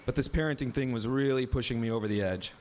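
A man's voice: mid-range voice, quick pace, darkish tone, a little hiss or hum. A man in his thirties telling a personal story on stage, wry and vivid, acting out the dialogue in his own words. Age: 30s. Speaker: live storyteller. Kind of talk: first-person story told live on stage.

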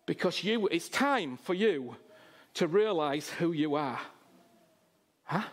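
A male preacher with a high-pitched voice delivers a sermon. He swings between loud, fervent exhortation and soft, intimate asides to the congregation. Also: expressive, moderate pace.

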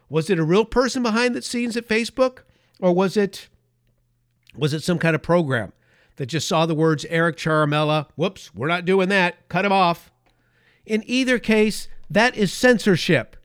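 A man's voice: high-pitched, no room sound, clean studio sound. A man hosting a political talk show, delivering a heated opinion monologue with emphatic stresses and frequent restarts. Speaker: political commentary host.

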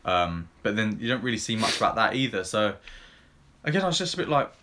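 A fairly low-pitched man chats casually as a podcast co-host, talking through films he has seen. He rambles, leans on ums and likes, and retells scenes in plain everyday language. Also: big pitch swings, fast talker, sharp tone, a little hiss or hum. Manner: rambling and filler-heavy, lots of ums and likes. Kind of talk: casual chat.

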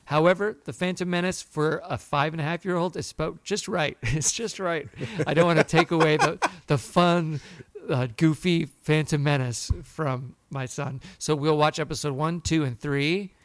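A man co-hosting a podcast, telling a story in a lively way and acting out the people he quotes. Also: on the high side, normal speed, a little hiss or hum. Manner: animated storyteller, acts out quotes. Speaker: podcast co-host. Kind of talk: casual chat.

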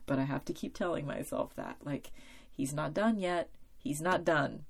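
Low-voiced woman rambling on a podcast. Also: a little slow, gravelly. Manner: rambling, self-deprecating, with frequent laughs and fillers. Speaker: podcast host. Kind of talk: casual solo podcast commentary.

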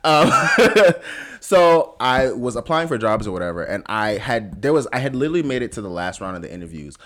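A man's voice: medium pitch, sing-song, moderate pace, fairly bright tone. A young man co-hosting a podcast, telling a story in a casual, gossipy chat. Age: young adult. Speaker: podcast co-host.

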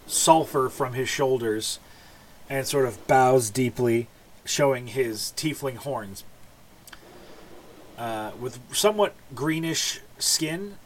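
A man narrating as game master in a relaxed, halting way with many fillers. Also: mid-range voice, a little hiss or hum.

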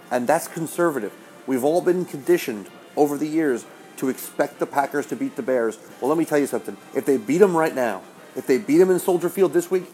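A mid-pitched man delivers a sports preview with confident, emphatic conviction, dropping in casual swears. Faint music plays behind him. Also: darkish tone, poor audio. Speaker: sports writer.

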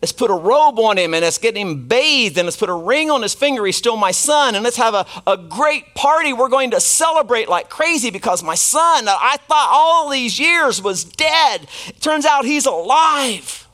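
An exuberant old father, put on by a preaching man, rejoices that his son is home. His voice rides high and bright with excitement. It stays close to everyday speech. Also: moderate pace, exaggerated voice. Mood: overjoyed.

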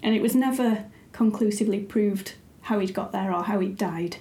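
A woman's voice: medium pitch, moderate pace, mellow, roomy sound. A woman, a writer and editor, chatting casually and thoughtfully with frequent ums. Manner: thoughtful, a little hesitant with many ums. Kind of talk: casual conversation.

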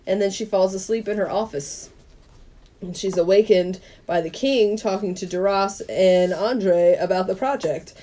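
A woman podcast co-host casually retelling a movie's plot, laughing often and acting out the characters' lines. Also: mid-range voice. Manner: animated storytelling, quick to laugh, acts out quoted lines.

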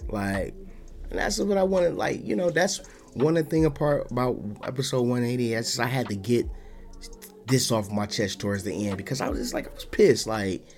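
A man's voice: mid-range voice, a little fast, darkish tone, faint music behind. A man hosting a podcast in a casual monologue, talking bluntly and defiantly, swearing freely and restarting his sentences often. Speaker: podcast host.

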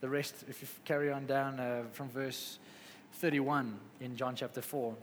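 A man preaching a sermon with passion, swinging between loud exclamations and quiet, soft stretches. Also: medium pitch, flat delivery, measured pace, in a large hall, a little hiss or hum. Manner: passionate, rising to exclamations then dropping soft.

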